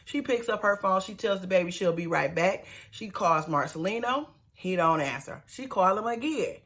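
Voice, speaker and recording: A woman's voice: medium pitch, expressive, moderate pace, a bit bright. A woman giving a sassy, chatty recap of a reality show, with slangy asides to her viewers. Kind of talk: casual TV episode recap.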